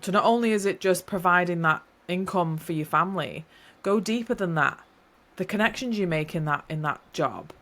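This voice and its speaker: A woman with a slightly low voice talks through her thoughts on a solo podcast. She rambles warmly and encourages the listener, restarting sentences as she goes. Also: animated, moderate pace, few pauses. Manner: rambling, encouraging, self-correcting. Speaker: podcast host. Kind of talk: reflective solo podcast talk.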